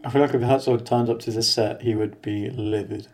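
A man's voice: medium pitch, fairly even intonation, brisk, darkish tone, a little hiss or hum. A man co-hosting a casual podcast, making dry jokes while watching a show. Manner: dry, joking commentary. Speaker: podcast co-host.

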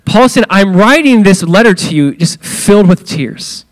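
Conversational pastor, higher-pitched man. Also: expressive, normal speed. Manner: conversational, many fillers, acts out quoted lines with big pitch swings. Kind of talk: sermon.

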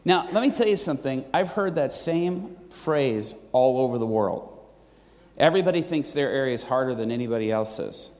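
A man's voice: medium pitch, animated, moderate pace, a little mellow. A male preacher telling a story in a sermon, in a loose, conversational way with many fillers and restarts. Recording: long reverb of a large hall.

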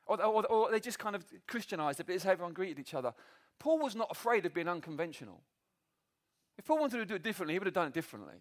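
A man preaching a sermon to a church meeting, animated and self-deprecating, often breaking into laughter. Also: high-pitched, racing.

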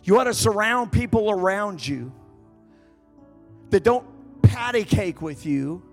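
A man preaching a sermon as an evangelist, impassioned and building up to shouting. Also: high voice, lively intonation, measured pace, soft background music. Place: church sanctuary.

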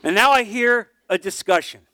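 Earnest high-voiced man teaching a Bible class. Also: moderate pace, clean tone. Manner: earnest storytelling, voice dropping low and soft at emotional points. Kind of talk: conversational Bible teaching with personal testimony.

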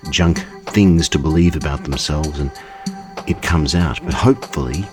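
A man's voice: very deep voice, moderate pace. A man hosting a podcast, introducing listeners' contributions in a chatty, informal way. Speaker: podcast host. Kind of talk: podcast presenting. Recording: music playing behind the voice.

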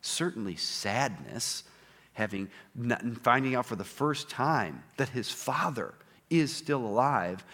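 Male pastor, conversational sermon, lively pitch, gets louder on scripture readings. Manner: conversational preaching with fillers and "okay?" checks; reads scripture louder and higher.

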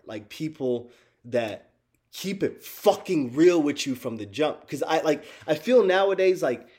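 A man in casual chat with his viewers, animated and profane, laughing often and calling them y'all. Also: medium pitch. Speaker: streamer talking to chat.

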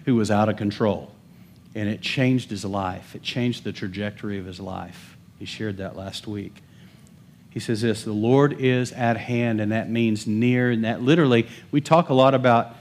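Male pastor, lively preaching, playful humor, mid-pitched voice. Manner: animated, humorous preaching with rising emphasis. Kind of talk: sermon.

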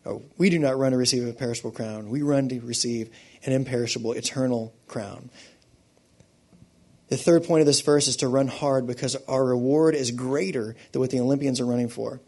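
A man preaching a sermon to a church congregation, swinging from hushed, quiet stretches to loud, fervent peaks. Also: medium pitch, fairly even intonation, a little fast. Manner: impassioned, building from hushed to loud. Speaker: pastor.

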